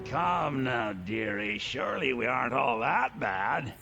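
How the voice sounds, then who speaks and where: Stig, a gravelly swaggering pirate. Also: male voice, mid-range voice, big pitch swings, highs cut off, over loud music. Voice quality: put-on old-time pirate accent. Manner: theatrical, drawn-out pirate drawl. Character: swaggering male pirate captain, boastful and sly. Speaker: video game character.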